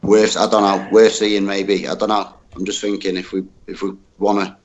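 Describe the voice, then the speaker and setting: A man's voice: low voice, level tone, normal speed, lo-fi sound. A man calling into a livestream in casual talk, blunt and swearing, tacking "mate" onto nearly every sentence. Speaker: call-in guest on a livestream.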